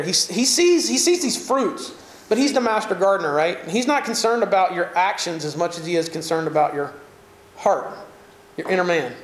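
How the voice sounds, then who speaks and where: A man with a Southern American accent preaching a sermon, animated and conversational, with jokes and asides to the congregation. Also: high-pitched, echoey room. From Southern United States. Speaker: pastor.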